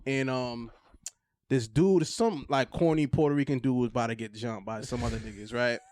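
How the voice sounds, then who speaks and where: A young man with a Hartford, Connecticut accent, a comedian guest telling funny street stories and acting out the quotes loudly. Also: mid-range voice, normal speed, no room sound, studio quality. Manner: animated, loud acted-out quotes in stories. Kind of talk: casual storytelling.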